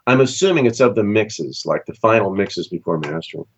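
A man's voice: fairly quick, husky, muffled recording. A man from Southern California, a session musician, telling long casual stories in an interview and acting out the voices of people he quotes. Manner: animated storyteller, acts out quoted voices with big pitch jumps.

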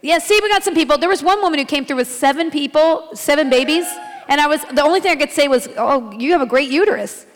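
A woman from Texas answers questions on a convention panel, bubbly and self-mocking. Her voice is high and bright in pitch. The sound carries a long echo from a large theater. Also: quick pace, hardly any pauses, some chatter behind. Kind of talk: casual panel Q&A. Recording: echoey hall.

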